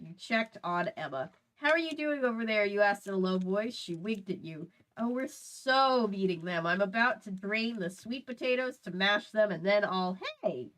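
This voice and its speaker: A woman's voice: fairly high pitch, bright, forceful tone, rough recording. Woman reading fan fiction aloud, playful. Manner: playful, laughing, stumbles and adds asides while reading. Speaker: host.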